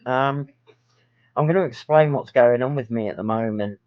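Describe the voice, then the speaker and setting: A man's voice: mid-range voice, moderate pace, no echo, dull audio. A man talking frankly to camera in a personal vlog, rambling with many filler ums. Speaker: vlogger.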